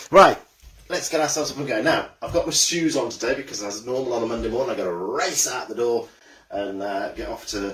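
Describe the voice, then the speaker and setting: A man's voice: mid-range voice, fairly bright tone. Man, exercise class host, live stream, chatty, cheery. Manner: chatty, cheery, reads out viewer comments.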